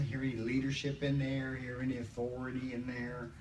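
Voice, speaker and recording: A man's voice: medium pitch, completely flat delivery, a little mellow. Older male study-group leader, conversational, in a roomy space and heard from a distance. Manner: conversational, slows down to read scripture. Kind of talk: Bible study discussion. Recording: roomy, distant mic, faint background noise.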